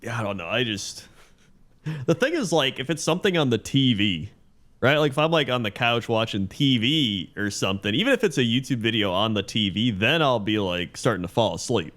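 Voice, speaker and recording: A man co-hosting a podcast, answering in a relaxed, easygoing casual chat. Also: mid-range voice, brisk. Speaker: podcast co-host.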